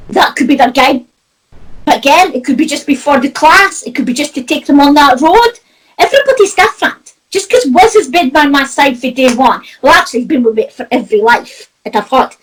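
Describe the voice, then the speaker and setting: A Scottish woman with a high, bouncing voice that swings up and down freely. She talks in an animated, chatty way as a spiritual medium, with frequent laughter. Casual conversation. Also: rough recording. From Scotland. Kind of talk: casual chat.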